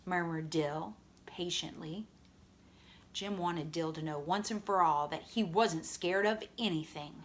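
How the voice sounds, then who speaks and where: A woman reading a novel aloud as narrator, expressive and storytelling. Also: lowish voice, unhurried. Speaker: audiobook reader.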